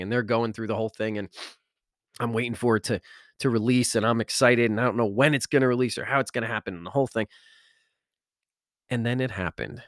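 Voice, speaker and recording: Man, mid pitch, heartfelt self-help storyteller; dry close sound, stammers when moved. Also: no room sound. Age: adult, father of school-age kids. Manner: animated, repeats words when moved, laughs often. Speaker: self-help author and speaker. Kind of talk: emotional personal storytelling.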